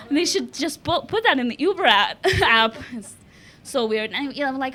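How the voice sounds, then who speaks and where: Young woman comic from Lithuania, high voice, deadpan self-mockery, chuckling through her live club set. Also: unhurried, slight background noise. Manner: deadpan self-mocking delivery, laughing at her own jokes. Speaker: stand-up comedian. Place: comedy club stage.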